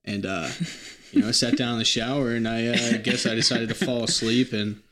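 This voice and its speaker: A man in his early twenties chatting on a casual podcast. He rambles in a laid-back way and leans on fillers. His voice has an ordinary middle pitch. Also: steady tone, normal speed, a bit bright. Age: 20s. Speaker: podcast co-host. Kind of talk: casual chat.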